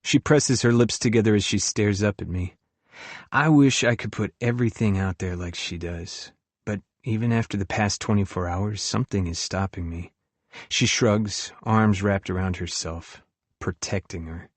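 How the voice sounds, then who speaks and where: A man reading a first-person audiobook in an even, reflective storytelling manner. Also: fairly low pitch, normal speed, no echo. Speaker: audiobook narrator.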